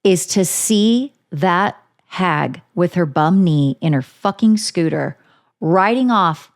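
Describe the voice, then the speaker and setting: A woman's voice: on the low side, expressive, slow pace. A woman co-hosting a podcast, ranting in a heated, profane casual chat. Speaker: podcast co-host.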